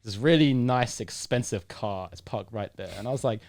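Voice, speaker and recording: A man's voice: fairly low pitch, moderate pace, no echo, studio quality. A young British man in his twenties, a podcast guest telling a story in casual conversation and acting out the dialogue. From United Kingdom. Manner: lively storyteller who acts out the dialogue.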